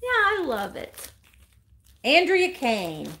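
A woman with a high, pushed and bright voice swoops wildly in pitch and talks slowly as she hosts a casual live stream from home. She unboxes mail, gushes over items, greets viewers by name and reads their comments out. Slight background noise.

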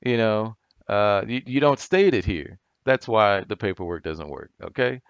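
A man's voice: fairly low pitch, animated, normal speed, clear, resonant tone, no room sound. A man ranting to camera in a blunt, profane way, often asking "you know what I'm saying?", on a dull lo-fi recording. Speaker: channel commentator. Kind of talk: heated rant to camera.

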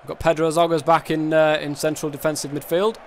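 High-voiced man ranting over a game. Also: level tone, quick pace, slight background noise. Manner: swears a lot, frustrated ranting at the game. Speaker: gaming YouTuber. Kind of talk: casual game commentary.

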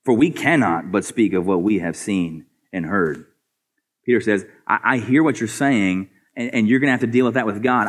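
A male pastor preaching a sermon earnestly, asking rhetorical questions and often repeating words as he builds a point. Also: normal speed. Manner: swings between soft, low asides and raised, higher emphatic passages.

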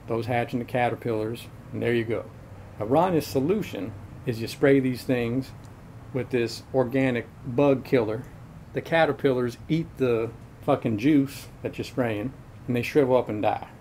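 A man's voice: medium pitch, darkish tone, slight background noise, close to an everyday voice. A man doing a foul-mouthed backwoods handyman. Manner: profane, rambling, folksy slang. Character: crude folksy backwoods male handyman, blunt and rambling. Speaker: comedic handyman character. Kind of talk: comedic character monologue.

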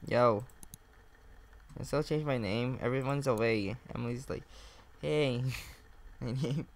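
A young gaming YouTuber speaks a little slowly in a medium-pitched voice. While playing a chat game he offers casual let's-play commentary, reading the messages out and frequently laughing and swearing.

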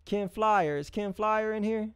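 A man hosting a live music review stream, talking loosely to his viewers with friendly slang, repeated words and long hummed pauses. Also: sits high, clean tone, dry recording, clean studio sound. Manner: loose, repetitive, restarts and drawn-out hums; encouraging, street-casual address to viewers. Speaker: livestream music review host. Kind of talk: casual live-stream talk to chat.

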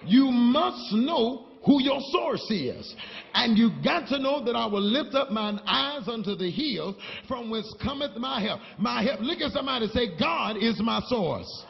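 A man preaching a sermon, telling stories and building to shouted call-and-response with the congregation. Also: very high voice, animated, moderate pace, vocal fry, few pauses, a little hiss or hum. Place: church sanctuary. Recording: dull, long-reverb church hall recording.

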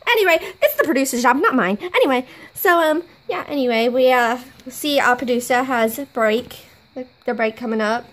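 A young woman playing a brash, wisecracking host in an improvised home-video comedy sketch, rambling and bickering with rough language, recorded on a camera mic in a living room. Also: high voice, normal speed, fairly bright tone. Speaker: fan comedy sketch performer.

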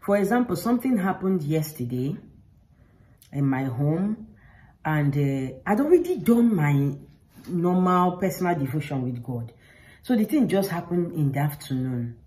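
A woman's voice: deep voice, big pitch swings, a little slow, warm tone, rough recording. A woman talking straight to the camera, giving earnest, informal faith advice and repeating herself for emphasis. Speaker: faith vlogger.

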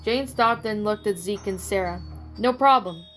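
A woman reads a fan story aloud in a mid-pitched, plain narrating voice. She trips over a word now and then, and faint background music plays. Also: moderate pace, a bit bright. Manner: plain reading with small slips. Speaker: story reader. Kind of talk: reading fan fiction aloud.

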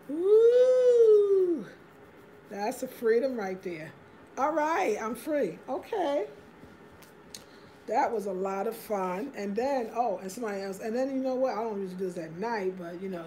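A woman's voice: medium pitch, fairly quick, warm tone, slight background noise. Woman, livestream host, chatty, upbeat, greets viewers by name, casual, at home. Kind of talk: casual livestream chat reading viewer comments.

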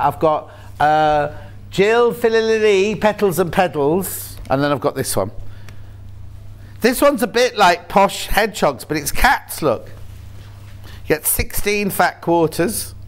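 A man from the UK hosting a shopping channel from a TV studio, talking in a loose, jokey way that wanders off into stories. His voice sits fairly high for a man. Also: animated, measured pace. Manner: chatty, jokey, rambling. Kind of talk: casual chat.

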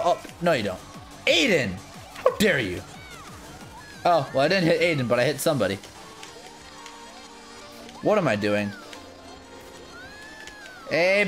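A man with a high, lively voice calls his own gameplay as it happens. He talks in an unhurried way and teases himself as he plays. Faint game music plays under him. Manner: excitable, jumps between muttering and shouting; self-mocking. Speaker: gaming video creator. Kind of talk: live gameplay commentary.

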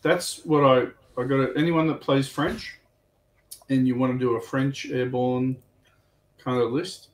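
A man co-hosting a casual livestream chat, relaxed, agreeable and rambling. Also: medium pitch, measured pace. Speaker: livestream co-host. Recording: echoey room with faint noise.

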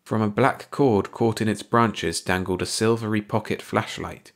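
A man reading a short story aloud as an audiobook narrator, in a measured, even storytelling delivery. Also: lowish voice. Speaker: audiobook reader.

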